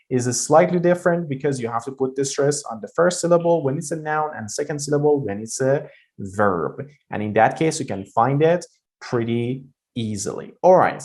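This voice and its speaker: A man teaching a pronunciation lesson, explaining step by step with patient repetition and occasional fillers. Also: medium pitch. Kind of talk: recorded lesson.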